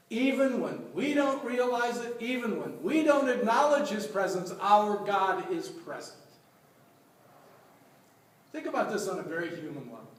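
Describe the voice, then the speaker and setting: High-voiced deacon preaching in an echoey church. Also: male voice, recorded from a distance. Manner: storytelling, conversational homily. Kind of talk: sermon.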